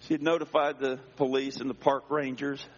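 A man's voice: mid-range voice, little pitch movement, brisk. Man preaching in a reverberant hall. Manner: dramatic, swings between hushed and raised voice. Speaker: pastor. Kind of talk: sermon storytelling. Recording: dull sound with long hall reverb.

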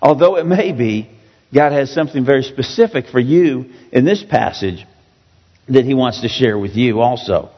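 Joking pastor in an echoey hall. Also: male voice, medium pitch, lively intonation, moderate pace. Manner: conversational, self-joking preaching. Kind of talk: sermon. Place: church sanctuary. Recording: dull echoey hall recording.

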